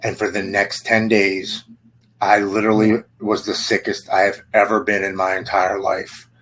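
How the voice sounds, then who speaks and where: A man in his forties tells his own story in an earnest, halting way, as a guest on a podcast. He often restarts his sentences and retells past events in the present tense. His voice is fairly low and carries a husky, slightly rough edge. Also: flat delivery, fairly bright tone, poor audio. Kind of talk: emotional personal testimony.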